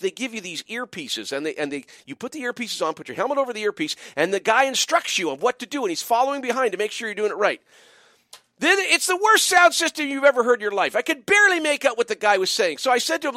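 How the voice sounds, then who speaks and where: A man's voice: sits high, sing-song, fast talker, pushed and bright, no room sound, studio quality. A man hosting a call-in radio show, telling a long rambling story full of "okay?" and "you know" asides. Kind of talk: animated storytelling monologue.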